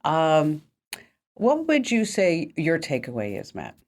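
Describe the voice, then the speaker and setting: A woman with a low voice that swings widely in pitch, hosting a casual tech podcast. She tells stories in an animated way and laughs often as she chats with her co-hosts. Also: takes it slowly. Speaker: podcast host. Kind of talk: casual chat.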